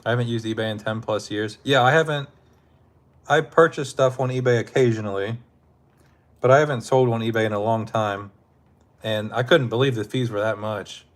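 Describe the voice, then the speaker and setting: A man with a fairly low voice hosts a casual live stream, chatting with his viewers in a laid-back way and laughing often. He speaks at a moderate pace with fairly even intonation, his throat sore after hours of talking.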